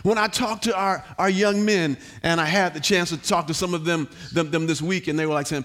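A man preaching a sermon as pastor in a church, building to shouts, repeating words and calling on the congregation to respond. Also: high voice, fairly quick. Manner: repeats words, sings some lines. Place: church hall.

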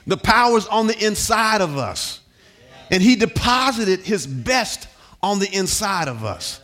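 A man preaching a sermon with a high-pitched voice. His tone is bright and ringing. He swings between hushed stretches and shouted, sung call-and-response, repeating words as he goes. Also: very animated, measured pace. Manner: repeats words, sings some lines. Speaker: pastor. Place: church hall.

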